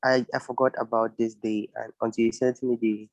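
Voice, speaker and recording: A man with a Cameroonian English accent, a poet who first explains himself in a halting, earnest way and then recites a spoken-word poem in a steady, solemn voice. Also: mid-range voice, dry recording, rough recording.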